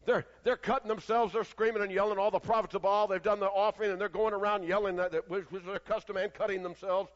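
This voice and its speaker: High-voiced preacher in an echoing hall. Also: male voice, fairly even intonation, quick pace, few pauses. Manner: dramatic swings from loud declaiming to hushed near-whispers. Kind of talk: sermon. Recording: long hall reverb, dull lo-fi sound.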